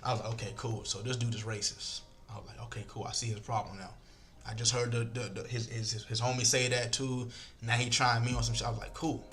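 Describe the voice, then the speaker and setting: Animated man telling a story casually. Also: mid-range voice, quick pace, slight background noise. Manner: animated, acts out quoted lines, swears freely.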